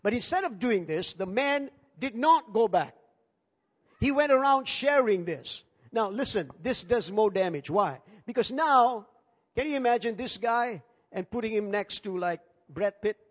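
A man preaching a sermon as pastor, animated and acting out the people in his story. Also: sits high, measured pace. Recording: dull sound with long hall reverb.

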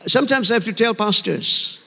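A man's voice: high-pitched, a little fast, creaky, sharp tone. A man pastor giving an earnest, conversational sermon to a church, often calling for amen. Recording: long hall reverb.

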